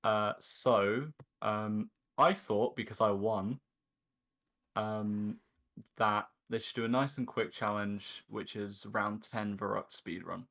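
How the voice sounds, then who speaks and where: A man organizing a game tournament, speaking hesitantly with many pauses. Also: on the low side, fairly even intonation, creaky, pushed and bright. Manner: hesitant, lots of ums. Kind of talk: casual announcement.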